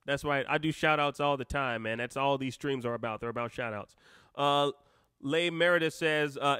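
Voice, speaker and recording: A man's voice: mid-range voice, normal speed, bright, forceful tone, clear, resonant tone, dry recording, clean studio sound. A man hosting a live stream, reading out comments and taking calls, rambling and cutting himself off with joking asides.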